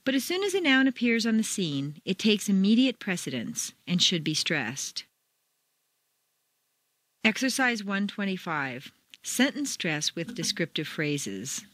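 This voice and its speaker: Woman, pronunciation lesson, very slow, lively pitch swings, carefully enunciated, dry close recording. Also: dry recording. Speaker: pronunciation teacher.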